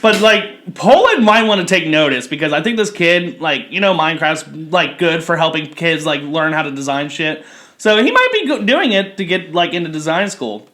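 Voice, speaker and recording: A young man co-hosting a casual podcast, his voice sitting high and bright. He riffs on crude jokes, swearing freely and laughing at his own lines. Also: animated, normal speed. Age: 20s. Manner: crude joking, swears a lot, laughs often. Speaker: podcast co-host. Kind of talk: casual chat.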